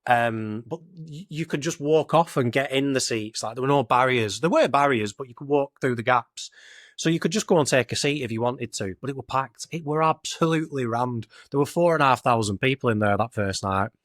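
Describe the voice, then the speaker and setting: Young Lancashire podcast host, casual rambling storyteller, dry close mic. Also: male voice, mid-range voice, brisk, fairly bright tone, no echo. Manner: rambling anecdotal, northern dialect "I were", "it were".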